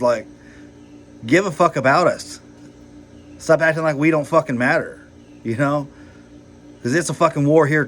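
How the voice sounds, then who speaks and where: A man's voice: on the high side, fairly bright tone, a little hiss or hum. A man rambling heatedly in a personal vlog, swearing a lot and filling his talk with "like" and "you know". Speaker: vlogger.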